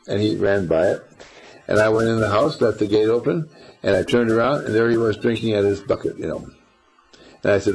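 Older man, gravelly, very husky, folksy rambling teacher, quizzes listeners, faint music behind. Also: lowish voice, normal speed, darkish tone, rough recording. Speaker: spiritual teacher. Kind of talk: informal talk to a small group.

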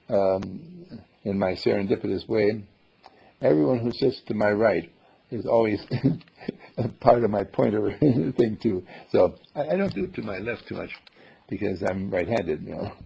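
A man's voice: on the low side, lively intonation, unhurried, creaky, warm tone, slightly rough, lo-fi sound. A man teaching a small group in a playful way, acting out little dialogues in different voices. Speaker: spiritual teacher. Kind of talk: group talk.

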